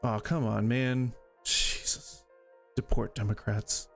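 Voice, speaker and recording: Opinionated male streamer, mid-pitched and gravelly, rambling reaction talk. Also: flat delivery, takes it slowly, fairly bright tone, soft background music. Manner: opinionated, argumentative, rambles with restarts. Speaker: streamer host reacting to videos. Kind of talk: casual reaction commentary.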